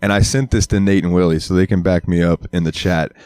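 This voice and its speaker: A man's voice: fairly even intonation, fast talker, a little mellow, clean tone, no room sound, studio quality. A man co-hosting a casual podcast on a headset mic, laughing and swearing as he jokes around. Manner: laughing, swearing, breaks into silly high-pitched impressions. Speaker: podcast co-host. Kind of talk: casual chat.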